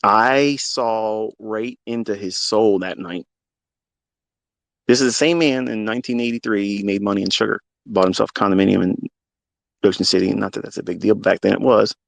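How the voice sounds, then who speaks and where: A fifty-year-old man with a gravelly voice, telling a personal story off the cuff in a blunt, emotional way with plenty of swearing. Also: on the low side, no echo. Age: 50s. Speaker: trading educator on a live talk. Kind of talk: unscripted live talk.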